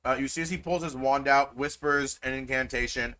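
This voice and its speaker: A man's voice: mid-range voice, fairly even intonation, brisk, bright, forceful tone. A man narrating as game master in a tabletop game, rambling and full of fillers.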